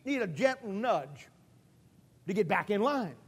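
A man voicing an old, toothless, plain-spoken sheep herder who talks in a slow rustic drawl. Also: high-pitched, very animated, husky, big-room sound, full character voice. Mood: instructive.

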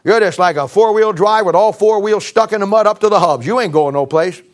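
A man's voice: sits high, brisk. A middle-aged male pastor preaching a sermon in a folksy, emphatic, storytelling way.

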